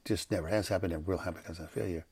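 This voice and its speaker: A man's voice: deep voice, fairly even intonation, very fast, a little mellow, slightly rough. An older man, a pastor, talking off the cuff on a devotional podcast, rambling and correcting himself as he goes. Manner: rambling, self-correcting, conversational. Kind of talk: unscripted devotional podcast talk. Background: background noise.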